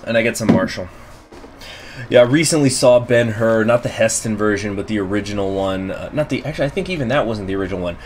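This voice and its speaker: Low-voiced man casually thinking aloud. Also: fast talker, faint music behind. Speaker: gaming channel host. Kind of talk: let's play commentary.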